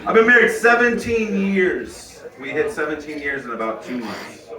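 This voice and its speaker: A middle-aged man runs a crude, brash stand-up set in a loose, conversational style, breaking into the occasional yell. His voice sounds somewhat distant, with a roomy club echo around it. A crowd reacts loudly in the background. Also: a little high, animated, moderate pace. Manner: crude, brash, conversational, with sudden yelled bits. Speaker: stand-up comic. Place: comedy club stage.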